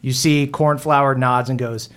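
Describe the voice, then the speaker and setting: A man's voice: mid-range voice, steady tone, moderate pace, a bit bright. Casual man running a tabletop game. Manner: casual, laughing asides. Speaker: game master.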